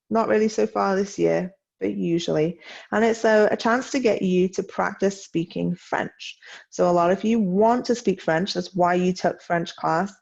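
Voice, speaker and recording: A woman teacher giving a recorded class lesson, reading French slowly and carefully and explaining tasks in English. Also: medium pitch, creaky, darkish tone, highs cut off. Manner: slow, carefully enunciated French read-along, brisker English instructions.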